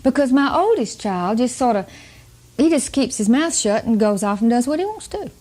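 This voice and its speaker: A woman's voice: on the high side, sing-song, normal speed, darkish tone. An older woman giving a chatty Bible teaching on parenting, often laughing and putting questions to her listeners. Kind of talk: folksy Bible teaching talk.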